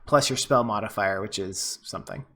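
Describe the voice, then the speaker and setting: A man's voice: fairly low pitch, normal speed, sharp tone. A man narrating as game master of a tabletop game, casual and full of fillers.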